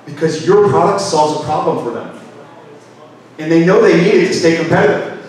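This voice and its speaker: A man's voice: fairly high pitch, brisk, a little mellow. A man giving a live workshop talk, asking his audience many questions. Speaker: workshop speaker. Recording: echoey hall, mic far off.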